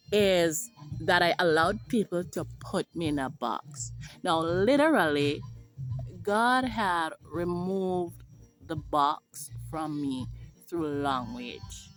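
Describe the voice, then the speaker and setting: A Jamaican woman sharing a personal testimony to camera as a motivational speaker, earnest and emphatic, stretching key words out slowly. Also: lowish voice, fairly bright tone.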